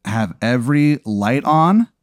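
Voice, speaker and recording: A man's voice: medium pitch, lively intonation, slow pace, no room sound, clean studio sound. A man in casual chat, answering a hypothetical by acting out his own panicked reactions and swearing freely. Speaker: podcast co-host answering a hypothetical.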